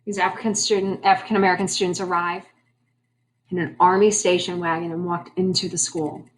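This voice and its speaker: A woman with a fairly low, even voice talks briskly through a history lesson. She keeps it conversational, putting questions to her class and dropping wry asides along the way.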